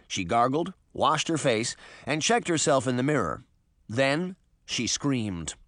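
A man narrating a children's storybook with expressive, varied delivery. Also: medium pitch, no echo, studio quality. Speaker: audiobook narrator.

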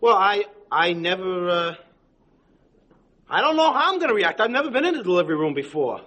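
A nervous young husband who stammers and hedges, his voice rather high and husky with a lively rise and fall. He stumbles over his words. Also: fairly quick, full character voice. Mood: hesitant, nervous. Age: young adult. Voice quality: stammering, hesitant. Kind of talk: 1970s sitcom acting.

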